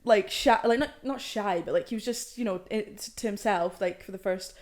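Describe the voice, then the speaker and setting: A woman's voice: medium pitch, a little fast, a little mellow. A young woman, an artist's manager, telling stories as a podcast guest in a chatty, enthusiastic way, full of "like". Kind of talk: casual podcast chat.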